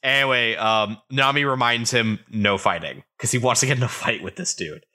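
A man's voice: medium pitch, bright, forceful tone. A man co-hosting a podcast, recapping a manga chapter by chapter in casual chat with joking asides. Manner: recaps the plot with joking asides and quick voiced quotes. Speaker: podcast co-host.

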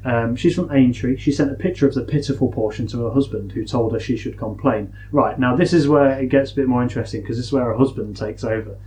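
A man's voice: medium pitch, fast talker, few pauses, a little mellow, low-quality recording. A man hosting a casual podcast chat, reading a news story aloud with joking asides. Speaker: podcast host.

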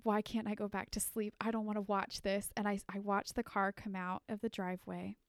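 A young adult woman co-hosting a podcast, telling a story in casual chat, animated and full of fillers, laughing as she goes. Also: mid-range voice, fairly quick, no echo, clean studio sound. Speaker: podcast co-host.

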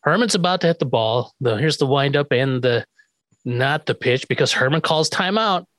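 A man co-hosting a podcast, chatting casually and in an animated way about a TV episode. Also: mid-range voice, normal speed, dry recording. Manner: animated, acts out lines from scenes. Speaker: podcast co-host recapping a TV episode. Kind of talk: casual chat.

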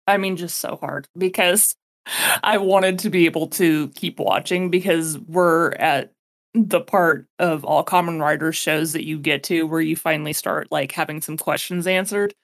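A woman co-hosting a podcast, chatting casually in an articulate, expressive way. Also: sits low, moderate pace. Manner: articulate, expressive, bursts into laughter. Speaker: podcast co-host. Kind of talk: casual chat.

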